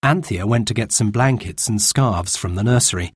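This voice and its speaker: A man reading a children's storybook aloud in a slow, lively narration. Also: fairly low pitch, slightly rough, no room sound, clean studio sound.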